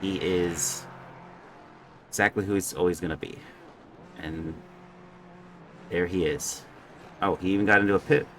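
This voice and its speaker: A man's voice: low-pitched, steady tone, unhurried, long pauses, a little hiss or hum. A young man giving casual, joking live commentary on a sim race and stumbling over drivers' names.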